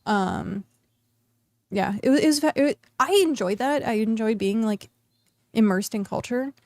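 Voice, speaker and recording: A woman's voice: on the high side, normal speed, darkish tone, dry recording, studio quality. A woman streamer from the United States chatting casually while she plays, rambling with lots of fillers and restarts. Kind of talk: casual chat while gaming.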